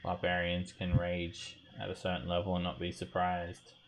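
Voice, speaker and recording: Deep-voiced man running a tabletop game. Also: completely flat delivery, noisy background. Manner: halting, many fillers and restarts. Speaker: game master. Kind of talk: narrating an online tabletop game.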